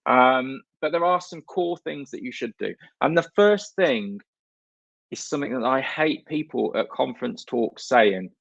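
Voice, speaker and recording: A man's voice: mid-range voice, unhurried, vocal fry, a bit bright, no echo, lo-fi sound. A man from northern England giving a blunt, jokey, sweary conference talk on stage. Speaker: conference speaker.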